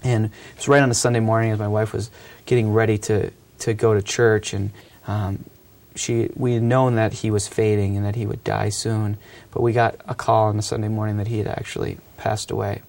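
A man's voice: fairly low pitch, flat delivery, brisk, vocal fry, darkish tone. A man in his thirties speaking as a youth ministry speaker, telling stories in an earnest, reflective way with frequent hesitations and fillers. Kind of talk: reflective storytelling talk.

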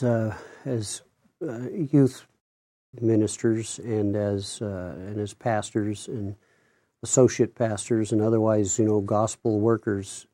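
A man, a minister, speaking in a halting, conversational way with many pauses and fillers. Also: on the low side, mellow, dry recording, clean studio sound. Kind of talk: conversational discussion.

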